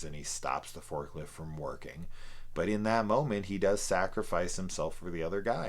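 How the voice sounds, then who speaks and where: A man's voice: extremely low pitch, breathy edge. A man casually reviewing a film, rambling with many fillers and restarts. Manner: rambling, lots of fillers and laughs.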